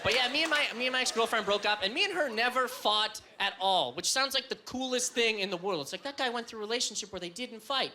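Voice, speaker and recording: A man doing a stand-up set on a comedy club stage, loud and high-energy, often breaking into shouts. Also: lively intonation, quick pace, few pauses.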